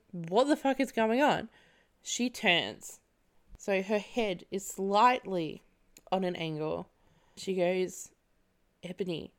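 A woman's voice: mid-range voice, clean tone. A young woman hosting a podcast, telling a funny personal story with lots of laughing and casual swearing. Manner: animated, laughs often while telling, swears freely. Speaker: podcast host.

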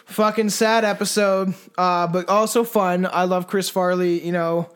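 Casting: high-pitched male podcast co-host, loose rambling delivery, swears often. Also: fairly even intonation, a little slow, smooth. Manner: rambling, swearing, full of fillers and restarts. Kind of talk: casual podcast chat.

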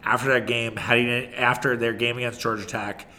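Bright-voiced man ranting about football. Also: medium pitch, little pitch movement, fairly quick. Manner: rambling, opinionated, frequent restarts and swearing. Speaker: sports podcast host. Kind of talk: casual solo sports talk.

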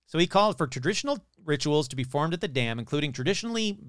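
Male podcast host, loose and skeptical, with a smooth, clear voice recorded dry and close. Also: fairly high pitch, expressive, fast talker, few pauses, fairly bright tone, no room sound. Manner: casual, swears, sarcastic skeptical asides. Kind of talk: casual storytelling podcast.

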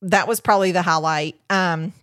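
Chatty woman, low voice. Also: moderate pace, a bit bright, smooth, dry recording, studio quality. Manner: rambling, many fillers and restarts. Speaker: podcast host. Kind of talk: casual chat about a vacation.

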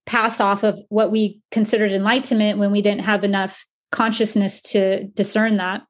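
A woman's voice: mid-range voice, level tone, normal speed. Casual woman speaking loosely. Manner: loose, filler-heavy, swears. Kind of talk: casual conversation.

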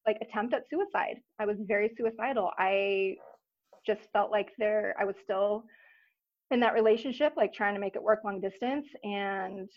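Thirties woman opening up in an interview, soft and earnest, lots of pauses, middle-pitched voice, kinda dull lo-fi sound. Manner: earnest, reflective, soft-spoken with frequent pauses. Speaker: podcast guest. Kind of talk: personal story in a casual interview. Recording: slightly dull recording.

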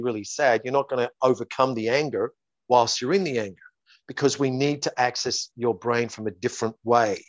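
A male therapist lays out his approach in a steady, methodical run of repeated phrases. The audio is dull and lo-fi, with a dry, close sound. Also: medium pitch, no echo. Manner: repetitive, methodical, acts out client dialogues. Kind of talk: explaining his method in an interview.

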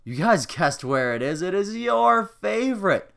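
A man's voice: high-pitched, very animated, measured pace, vocal fry, a bit bright. A man hosting a music podcast, thanking a guest and introducing tracks in an upbeat announcer style. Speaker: podcast host.

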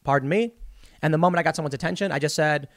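Talking very fast in a fairly high, slightly bright voice, this male political commentator offers viewers his blunt personal opinions, recounting events with acted-out exchanges. The studio-quality audio has no echo.

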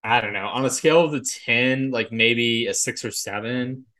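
A man's voice: mid-range voice, moderate pace, bright, forceful tone. Rambling casual podcast guy. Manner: rambling, filler-heavy, frequent "like" and "you know"; swears casually. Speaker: podcast co-host. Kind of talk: casual podcast chat about film and TV.

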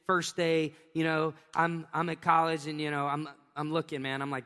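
A man's voice: on the high side, completely flat delivery, normal speed, bright, forceful tone, clear, resonant tone. A middle-aged man preaching a sermon as a pastor, telling stories with joking asides and laughing at his own jokes. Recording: long reverb of a large hall.

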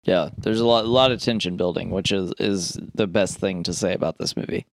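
A man's voice: low voice, a little fast, creaky, no echo, studio quality. A man co-hosting a casual movie podcast, chatty and rambling, swearing casually. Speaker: podcast co-host. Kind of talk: casual movie review chat.

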